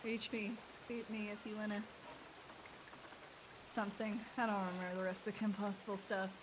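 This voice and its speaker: A woman's voice: medium pitch, level tone, normal speed, background noise. A woman streamer chatting casually and playfully with her viewers and thanking them.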